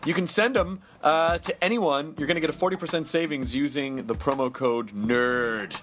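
A man's voice: a little high, slight background noise. A man hosting a podcast, chatting casually and jokily and reading ads with silly bursts. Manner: jokey, animated, quick bursts of silliness. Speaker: podcast host. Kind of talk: casual podcast chat and ad reads.

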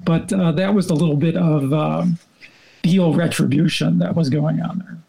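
A man with a slightly raised, gravelly voice walks through events as a guest reporter. He explains in a wry, halting way, full of fillers and restarts. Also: on the high side, steady tone, warm tone, poor audio. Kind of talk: casual political talk.

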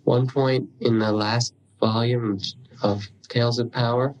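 A man giving a dharma talk as a meditation teacher, telling stories unhurriedly with pauses and the odd throat clearing. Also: medium pitch, steady tone, muffled recording.

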